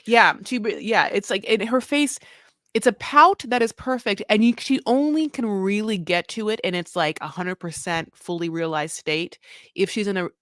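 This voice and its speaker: A woman co-hosting a podcast, talking in a sarcastic, blunt way. Her voice sits at a middle pitch, recorded close and dry with no room around it. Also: moderate pace, a bit bright, dry recording. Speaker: podcast co-host. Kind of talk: casual chat.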